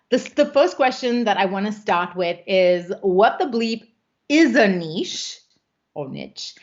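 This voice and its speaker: A woman's voice: medium pitch, highs cut off. A woman coaching her viewers in a casual live stream, chatty and playful, often laughing.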